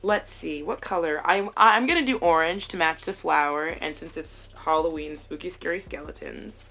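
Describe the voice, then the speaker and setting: A woman's voice: sits low, normal speed, vocal fry, pushed and bright, faint music behind. A young woman vlogging casually to her phone camera while doing her makeup at home, chatty, joking and candid, with plenty of swearing.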